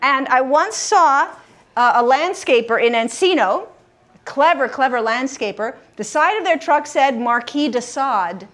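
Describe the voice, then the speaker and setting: A woman leading a group word game class, upbeat and encouraging, slowing down to stress syllables. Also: high voice, animated, a bit bright. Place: room with a live group.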